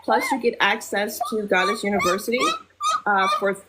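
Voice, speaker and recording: A woman's voice: medium pitch, huge pitch swings, moderate pace, very noisy. Chatty woman hosting a spiritual live stream. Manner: chatty, with frequent ums and soft mantra recitation. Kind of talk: casual live-stream teaching.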